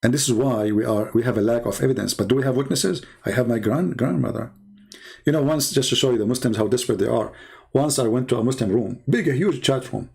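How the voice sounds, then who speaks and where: A man hosting a live stream, telling mocking anecdotes in a sarcastic, joking and fast-talking way. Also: mid-range voice, creaky, a little mellow, husky. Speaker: host, debater.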